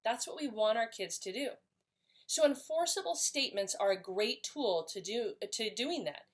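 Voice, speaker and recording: Lively woman teaching parenting skills. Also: a little high, normal speed. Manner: warm, empathetic, acts out short example lines. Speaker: parenting educator. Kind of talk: instructional talk to parents.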